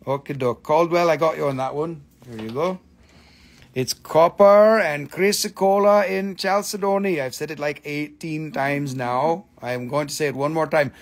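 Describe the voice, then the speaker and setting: A man with a high-pitched voice and vocal fry casually hosts a live-stream crystal sale, joking around, swearing loosely, and repeating himself.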